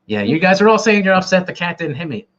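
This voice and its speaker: A man's voice: sits high, sing-song, fast, fairly bright tone. Guy running a stream quiz, jokey and self-deprecating, bouncy voice, muffled sound. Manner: joking, rambling, self-deprecating. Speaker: quiz host. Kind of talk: casual livestream trivia hosting. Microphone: camera mic. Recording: dull lo-fi livestream audio.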